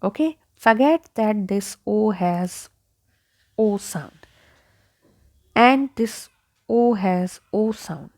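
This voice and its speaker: A woman's voice: medium pitch, lively intonation, very slow, pauses often, darkish tone. A woman teaching English pronunciation, repeating each word several times and checking in with 'okay?'. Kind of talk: slow pronunciation lesson.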